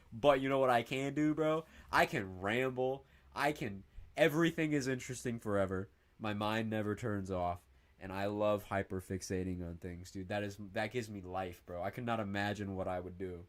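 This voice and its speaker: Speaking at a normal speed in a lowish voice, a young streamer from northern Indiana chats casually on his livestream. He reads comments from viewers and rambles excitably, with frequent swearing and an endless stream of "bro."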